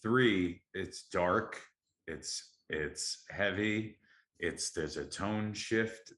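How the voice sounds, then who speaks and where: A man's voice: sits low, a bit bright. A man hosting a casual podcast, talking in an upbeat, enthusiastic way. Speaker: podcast host. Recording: echoey room.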